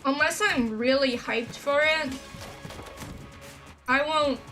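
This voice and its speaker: A woman's voice: high voice, slow pace, fairly bright tone. A woman streaming a game, chatting casually and sarcastically with viewers, rambling between stories and sounding a little worn out. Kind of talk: casual gameplay commentary. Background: background game music.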